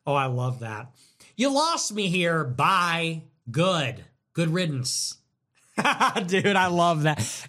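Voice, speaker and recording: A man hosting a livestream reads out donations and answers them sarcastically and mockingly, swinging between loud mimicry and low mutters. He is expressive and slow in this casual commentary.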